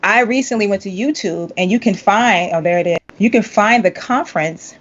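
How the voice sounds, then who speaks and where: A woman chats on a podcast and tells her story with lots of animation, jumping way up in pitch whenever she acts out what someone said. Her voice sits mid-range, and the recording sounds a little dull and muffled. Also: moderate pace. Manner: animated storyteller, acts out quotes with big pitch jumps, laughs often. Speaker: podcast host, vocal coach. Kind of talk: casual chat.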